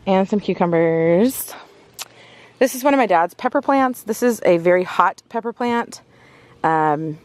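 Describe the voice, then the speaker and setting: Woman, casual garden-tour vlogger, rambling and breathy, mid-pitched voice. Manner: chatty, rambling, many ums and self-corrections. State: out of breath from walking fast. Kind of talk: casual walking tour chat. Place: outdoors in a garden.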